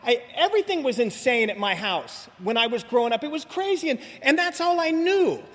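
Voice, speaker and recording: A man in his forties with a high voice tells his recovery story to a meeting crowd, joking and rambling. He keeps asking "you know what I mean?" His voice rings with a long hall echo. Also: big pitch swings, brisk. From Southern California. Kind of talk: humorous recovery talk to an audience. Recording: live talk with long hall reverb.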